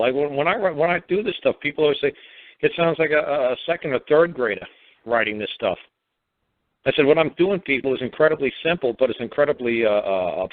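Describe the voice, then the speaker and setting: A man's voice: medium pitch, no room sound. A man hosting a radio talk show, bluntly advising a caller in a mocking, repetitive way. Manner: blunt, mocking, repeats words and restarts. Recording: dry, narrow phone-like radio audio.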